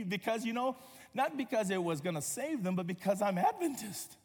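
A man's voice: high voice, expressive, normal speed, a little mellow, slightly rough, long reverb tail. A man pastor giving a sermon, telling stories with playful humor and acting out quotes. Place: church sanctuary.

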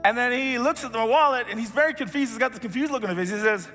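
A man giving a storytelling sermon as a pastor, animated, acting out voices and sinking to a soft hush. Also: high-pitched, fast, few pauses. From grew up as an immigrant. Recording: reverberant hall with faint music.

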